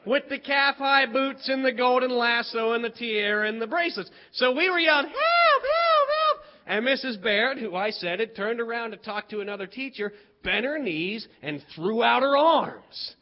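A man from West Virginia with a notably high voice tells a childhood story, playful and animated, stretching out the key moments. The recording sounds somewhat dull and muffled. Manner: animated, playful, drawn-out pauses.

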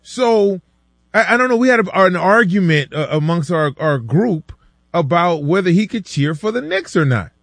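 A man co-hosting a sports talk show, telling stories in a casual, animated way and acting out his friends' lines. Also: high voice, normal speed, no echo. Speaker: sports radio co-host.

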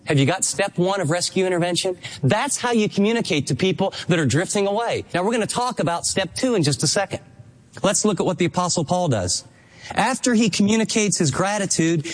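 A man preaching a sermon as pastor, earnest and emphatic, acting out quoted dialogue. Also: sits high.

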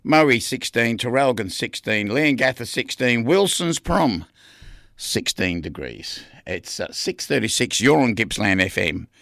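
A man's voice: mid-range voice, animated, measured pace, vocal fry, a bit bright, dry recording. A man presenting the weather and chatting casually on community radio from a studio microphone. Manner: chatty, self-deprecating. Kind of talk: casual breakfast radio patter.

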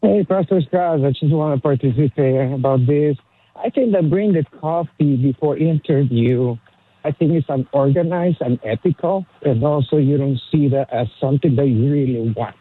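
A man calling in to a radio show, speaking in an earnest, halting way with loose phrasing. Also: fairly high pitch. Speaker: caller. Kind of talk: call-in phone chat. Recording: tinny phone line, husky.

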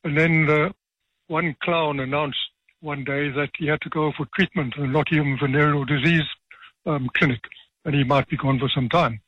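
A retired judge, telling stories with dry, self-deprecating humour in a radio interview. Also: male voice, a little high, steady tone, moderate pace, slightly rough, dry recording, highs cut off. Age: 70s.

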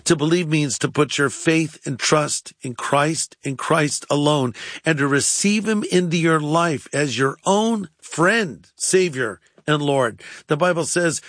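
Pastor, male, higher-pitched, earnest radio preacher, dry booth sound. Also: fairly bright tone, no room sound. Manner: earnest, preacherly, emphatic repetition. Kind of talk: radio sermon talk.

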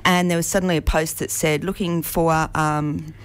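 A woman's voice: low-pitched, level tone, moderate pace, smooth, no room sound. Friendly woman, teacher. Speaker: teacher and community theatre actor. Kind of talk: casual interview.

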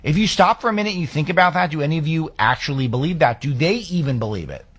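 A man's voice: on the high side, expressive, quick pace, a bit bright, breathy edge. A man hosting a political talk show, delivering commentary with emphatic, sarcastic rhetorical questions.

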